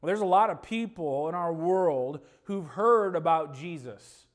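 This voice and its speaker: A man delivering a sermon in a somewhat high voice. He builds to loud, emphatic peaks, then drops to quiet, low asides, and fills it out with homely family stories. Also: measured pace. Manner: tells homely stories about his dog and family. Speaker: preacher.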